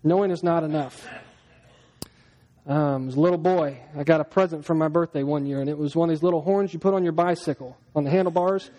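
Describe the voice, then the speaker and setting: High-voiced pastor preaching in a hall. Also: male voice, a little mellow. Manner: conversational, plays out everyday scenes in little voices. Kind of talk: sermon. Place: church hall. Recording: long hall reverb.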